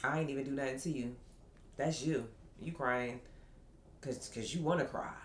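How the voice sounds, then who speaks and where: A woman's voice: extremely low pitch, normal speed, a little hiss or hum. Brief: a mocking, blaming ex-partner as a woman mimics him, curt, in a roomy space. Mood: scoffing.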